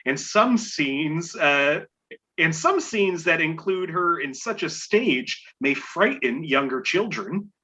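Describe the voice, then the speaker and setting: Lively, bright-voiced man hosting a quiz. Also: fairly high pitch, slow pace, low-quality recording. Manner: reads clues aloud, chuckles, playful asides. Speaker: game show host. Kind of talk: casual podcast game show hosting.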